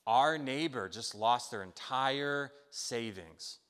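A man voicing an ancient village wife who passes on hushed gossip about a neighbor. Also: mid-range voice, takes it slowly, clean tone. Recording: long hall reverb.

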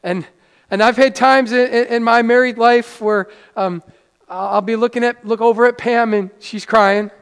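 A middle-aged male pastor with a notably high voice preaches in a relaxed, talky way, repeating words as he restarts his sentences. His voice often drops soft and low for emphasis. The sound carries a long hall reverb from the church. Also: moderate pace, vocal fry, clean tone. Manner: conversational preaching with many restarts, dropping to soft lows. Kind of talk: sermon.

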